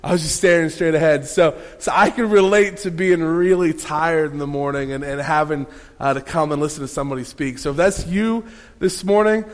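A man preaching a sermon, telling a lively personal story with playful asides to the congregation. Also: a little high, a little fast. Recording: long hall reverb.

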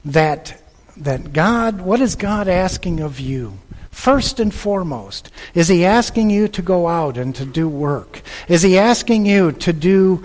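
A man preaching a sermon with passion, repeating phrases and swinging between loud bursts and hushed lines. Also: sits high, lively intonation, a little slow, long reverb tail. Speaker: pastor.

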